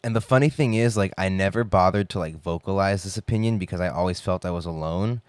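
A man's voice: sits low, fast, clear, resonant tone, no room sound. A young man rambling in a casual, profane monologue full of filler words.

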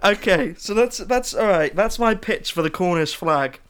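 A man's voice: sits high, lively intonation, normal speed, fairly bright tone, clean tone. A young man co-hosting a podcast, speaking casually and hesitantly, with frequent ums. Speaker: podcast co-host. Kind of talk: casual chat.

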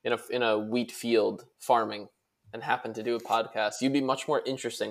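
A man's voice: on the low side, creaky. A man co-hosting a casual podcast on a video call, talking in a dry, teasing way. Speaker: podcast co-host.

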